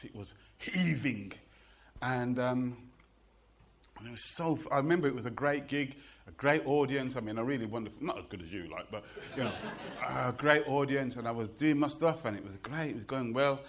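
Speaking a little fast in a mid-range voice, a middle-aged British man performs his poetry for a live audience. The delivery is a rhythmic chant, mixed with playful back-and-forth with the crowd.

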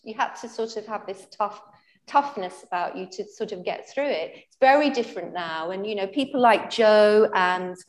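A woman's voice: mid-range voice, moderate pace. Thoughtful woman poet in a roomy hall. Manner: thoughtful, hesitant with many restarts. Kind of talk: panel discussion at a literary event.

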